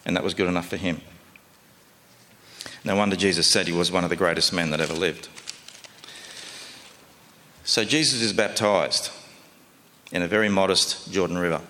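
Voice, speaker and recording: A man's voice: low-pitched, normal speed, long pauses, pushed and bright, in a large hall, a little hiss or hum. A man preaching a sermon in a conversational, folksy way, often asking his listeners questions.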